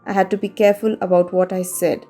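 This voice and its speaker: A woman narrating a scripted story in a measured, calm and careful voice. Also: medium pitch. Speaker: voice-over narrator. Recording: faint music behind the voice.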